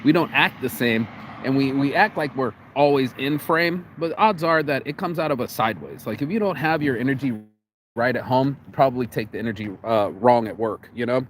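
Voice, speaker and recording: An American man talks straight into a phone camera outside on a cold day, rambling and swearing freely. He restarts and repeats his words often, in a voice of middling pitch. Faint street noise sits behind him. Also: brisk. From United States. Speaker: vlogger. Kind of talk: casual vlog monologue.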